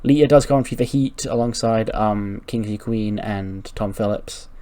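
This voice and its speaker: A man's voice: on the low side, moderate pace, dark tone. A man hosting a gaming channel, narrating a let's-play in a rambling, casual way, swearing freely and laughing.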